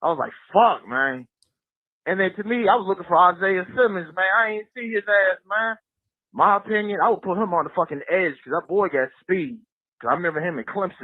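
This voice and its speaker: A man's voice: high-pitched, no echo. Furious man ranting over a phone line. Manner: profane, heated venting. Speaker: caller. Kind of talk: angry fan call-in rant.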